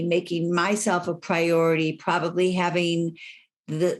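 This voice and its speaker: Candid middle-aged woman life coach. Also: fairly low pitch. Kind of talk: reflective interview talk.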